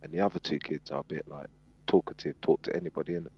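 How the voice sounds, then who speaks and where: A man telling a story in casual chat, animated and acting out the people in it, on a dull lo-fi recording. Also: a bass voice, rapid-fire, gravelly, husky. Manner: animated storyteller, acts out quotes. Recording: dull lo-fi sound.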